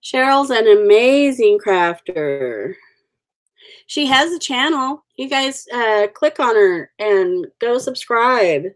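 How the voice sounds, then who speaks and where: A woman's voice: a little high, lively intonation, slow. Chatty woman hosting a livestream. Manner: chatty, warm-hearted, rambling with fillers. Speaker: livestream host. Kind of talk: casual live chat with viewers.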